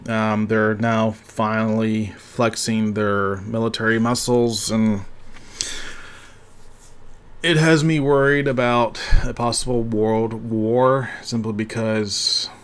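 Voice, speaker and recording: A man hosting a casual coffee podcast, giving his loose, unscripted opinions with dry sarcasm and frequent pauses. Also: fairly low pitch, steady tone, clean tone. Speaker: podcast host.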